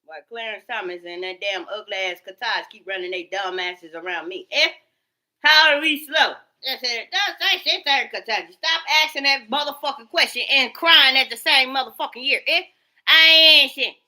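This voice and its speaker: A woman's voice: on the high side, normal speed, pushed and bright. A woman recording herself on her phone in an agitated, profane, repetitive rant. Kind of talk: profane ranting monologue.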